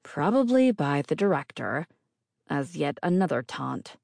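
A woman's voice: deep voice, very animated, unhurried, gravelly, darkish tone, no echo. A woman narrating first-person fiction as an audiobook reader, with a wry, dry delivery.

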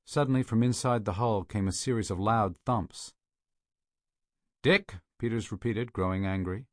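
A man narrating a thriller audiobook in a steady, measured way, on a close studio mic. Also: fairly low pitch, no room sound.

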